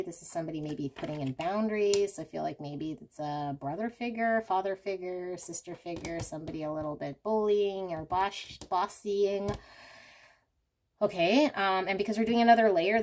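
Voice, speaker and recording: A woman giving a casual pick-a-card reading, talking candidly and thinking aloud. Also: medium pitch. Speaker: tarot card reader.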